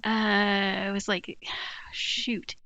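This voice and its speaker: A woman's voice: medium pitch, level tone, very slow, bright, forceful tone, no echo, highs cut off. A woman co-hosting a podcast who chats casually, giggly and hesitant, often searching for her words. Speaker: podcast co-host. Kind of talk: casual chat.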